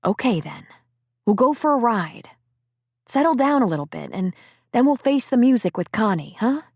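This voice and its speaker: A woman's voice: a little high, very animated, moderate pace, creaky, a little mellow, slightly rough, no echo, clean studio sound, pitched above the performer's own voice, full character voice. A woman voicing an anxious young man who talks earnestly and tries to soothe his girlfriend. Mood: soothing. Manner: earnest, soothing, a little shaken. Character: guilty, anxious young man, gentle with her.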